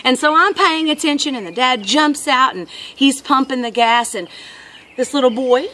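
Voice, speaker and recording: A woman's voice: high voice, normal speed, pushed and bright. A woman vlogger telling a story in a casual, earnest, reflective monologue.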